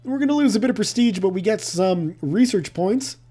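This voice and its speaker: A man's voice: sits high, expressive, fairly quick, warm tone. A man giving casual let's-play commentary, thinking aloud with playful asides. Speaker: gameplay commentator.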